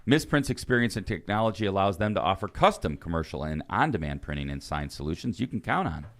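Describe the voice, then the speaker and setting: A man co-hosting a podcast, reading sponsor ads in a lively, casual way. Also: deep voice, fast talker. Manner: lively, laughs between reads. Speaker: podcast co-host.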